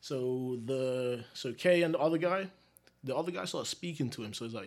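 A young man spins a story as a podcast guest. He is relaxed and slangy and chuckles easily. His voice sits at an ordinary middle pitch. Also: moderate pace. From England. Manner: laid-back, slangy, laughs often. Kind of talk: casual storytelling.

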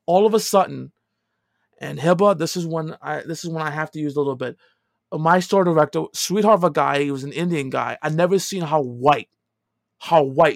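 A middle-aged man casually telling a long personal story, dropping to quiet asides and rising to loud, emphatic lines. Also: on the high side, gravelly, no room sound, clean studio sound. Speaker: podcast co-host telling a story.

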